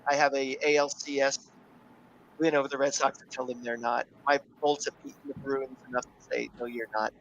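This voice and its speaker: Bright, opinionated man ranting about sports. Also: mid-range voice, little pitch movement, fairly quick, dull audio, a little hiss or hum. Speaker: podcast guest. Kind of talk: casual sports podcast chat. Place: hotel room.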